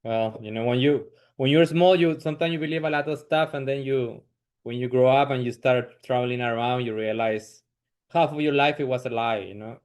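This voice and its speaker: A man from Chile with a Chilean Spanish accent, a stand-up comedian chatting casually in an interview, laughing often and filling pauses with "you know.". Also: medium pitch, darkish tone, smooth.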